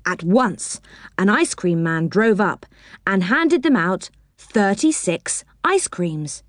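A woman reading a children's story aloud, expressive and warm in storybook style, in a dry close recording. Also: medium pitch, slow, no echo.

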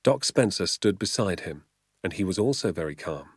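A man reading a children's novel aloud as an audiobook, with measured, vivid storytelling. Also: deep voice, animated, breathy edge, dry recording, studio quality. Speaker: audiobook reader. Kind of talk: audiobook narration.

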